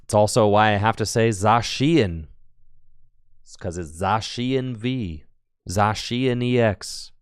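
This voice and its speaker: A man's voice: lowish voice, measured pace, clear, resonant tone, dry recording, studio quality. A man casually commentating a card game tournament on a live stream, chatty and playful, laughing often and answering the chat.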